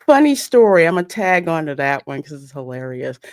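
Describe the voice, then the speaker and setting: A woman's voice: sits low, fairly quick, no echo, clean studio sound. A woman hosting a live podcast, chatting casually and telling stories with laughs. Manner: animated, laughing storyteller. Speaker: podcast host. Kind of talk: casual live-stream chat.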